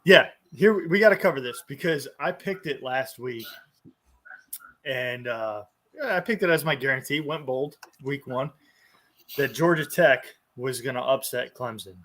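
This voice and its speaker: A man's voice: mid-range voice, moderate pace, fairly bright tone. A man co-hosting a college football podcast, arguing his picks in casual sports chat. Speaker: podcast co-host.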